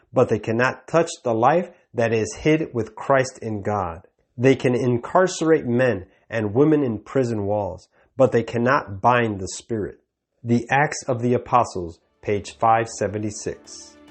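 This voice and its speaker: A man reading a scripted religious news report in a measured, even tone. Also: mid-range voice. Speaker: news presenter.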